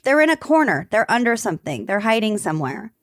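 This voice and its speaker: A woman's voice: medium pitch, sing-song, quick pace, a bit bright, no echo, studio quality. A woman co-hosting a podcast in casual chat, talking in a giggly, self-deprecating way. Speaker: podcast co-host.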